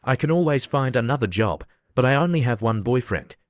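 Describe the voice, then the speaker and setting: A man's voice: medium pitch, expressive, a little fast, dry recording, close to an everyday voice. A man voicing a young female flight attendant who is devoted to her boyfriend, in a dry, plain recap reading. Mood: earnest. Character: young woman, loyal flight attendant girlfriend.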